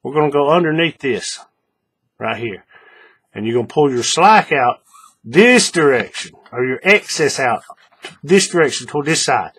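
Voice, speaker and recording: Husky man talking through a craft demo. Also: mid-range voice, normal speed. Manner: relaxed, repetitive, often checks the viewer follows. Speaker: crafting tutorial host. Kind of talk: casual step-by-step demonstration.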